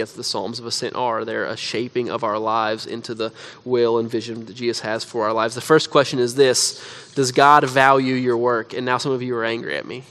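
A pastor delivers a sermon at a church service in a relaxed, chatty way, peppering his story with "like." His voice sits at an ordinary middle pitch for a man. He leans in quietly when he presses his main point. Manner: conversational storytelling with frequent "like".

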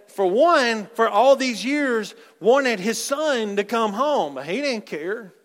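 A man preaching a sermon in a church, animated and conversational, with frequent asides and rhetorical questions. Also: very high voice. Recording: long reverb of a large hall.

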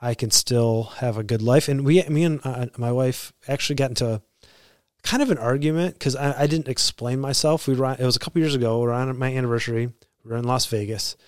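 A man's voice: medium pitch, quick pace, no echo, studio quality. A man in his thirties hosting a podcast, talking earnestly and conversationally about his life, often restarting his sentences. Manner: earnest, conversational, self-correcting. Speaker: podcast host. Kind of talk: reflective podcast monologue.

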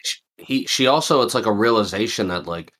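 Man, lower voice, thoughtful casual talk, halting phrasing. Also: lively intonation, fairly bright tone. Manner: thoughtful, searching for words, many fillers. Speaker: podcast co-host. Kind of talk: casual chat.

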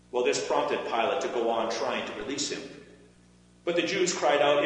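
A man reads scripture aloud, measured and expressive, his voice sitting a little high. Long reverb from a large church hall follows every phrase. A faint hum runs underneath. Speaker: scripture reader. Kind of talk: liturgical scripture reading.

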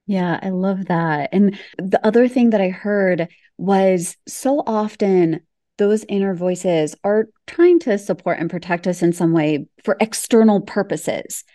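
A woman's voice: medium pitch, unhurried, warm tone, dry recording, studio quality. A woman hosting a podcast conversation, reflective, summing up what she heard from her guest. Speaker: podcast host.

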